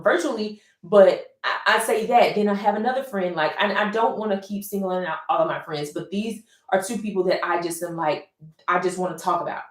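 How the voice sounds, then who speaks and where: A young adult woman, an artist painting on a live stream, talking in an earnest, rambling way with many restarts. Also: medium pitch. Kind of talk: casual heartfelt monologue. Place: room while painting on camera. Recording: echoey room.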